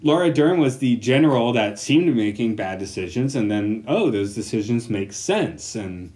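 An American man co-hosting a podcast in casual chat, loud and excitable and laughing often. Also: medium pitch, normal speed. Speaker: podcast co-host.

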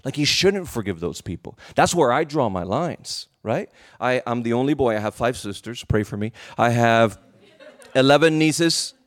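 A male preacher telling a story in a sermon, animated and emotional, often restarting his words. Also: mid-range voice, normal speed.

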